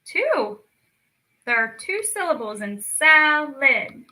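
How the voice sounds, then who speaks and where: A woman leading a children's storytime lesson, speaking slowly and clearly with encouraging teacher talk. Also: high-pitched, big pitch swings, sharp tone, rough recording. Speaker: speech clinic storyteller.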